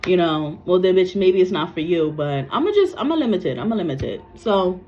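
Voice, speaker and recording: A woman's voice: fairly low pitch, animated, a little fast, a little hiss or hum. A woman, a psychic medium, talking casually to camera in a blunt, repetitive way and cursing freely. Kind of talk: casual spoken reading to camera. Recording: dull lo-fi recording.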